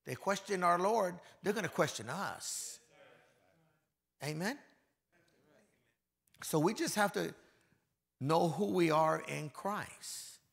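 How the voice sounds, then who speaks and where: A man preaching a conversational sermon as pastor in a church hall, acting out quotes and swinging from quiet asides to loud declarations. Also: sits high, takes it slowly, gravelly, pauses often.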